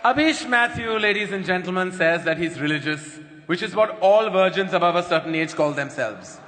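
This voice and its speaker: Male roast emcee, high and bright voice, reverberant hall, mocking introductions. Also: expressive, moderate pace. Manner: announcing, mocking. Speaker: roast master of ceremonies. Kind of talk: stage introduction. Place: large hall with a live audience. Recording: reverberant hall, faint noise.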